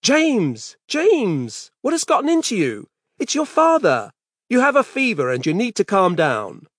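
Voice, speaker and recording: A man voicing a frightened, angry father who shouts in a panic. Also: high-pitched, wildly swooping pitch, moderate pace, gravelly, husky, dry recording, studio quality, voice pushed up, heavily acted. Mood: panicked.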